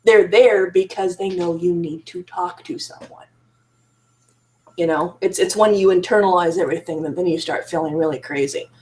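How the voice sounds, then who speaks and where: A woman's voice: on the low side, fairly even intonation, moderate pace, darkish tone. Frank woman confessing her past. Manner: frank, emotional, self-critical, with laughs and restarts. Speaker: survivor sharing her story. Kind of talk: candid personal monologue to camera.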